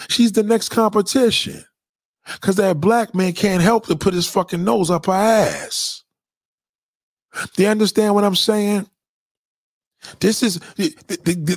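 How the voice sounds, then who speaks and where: A man's voice: sits high, no room sound, clean studio sound. A man hosting a livestream, ranting in a crude, profane, emphatic and repetitive way. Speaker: livestream host. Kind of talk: unscripted livestream rant.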